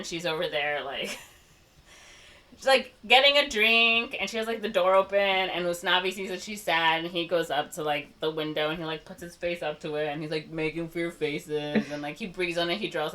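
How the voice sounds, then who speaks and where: A woman's voice: on the low side, sharp tone, distant mic. A woman co-hosting a podcast, casually retelling a film plot in a rambling way with lots of "like". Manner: rambling, heavy use of "like", quick voices for quotes. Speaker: podcast co-host.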